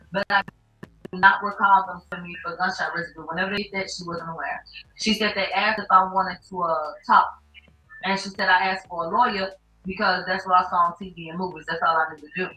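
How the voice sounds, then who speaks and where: A woman's voice: fairly low pitch, bright, forceful tone. A woman hosting a casual news commentary, recapping courtroom testimony with blunt, profane, sarcastic asides. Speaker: commentary show host. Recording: echoey room, distant mic, faint music.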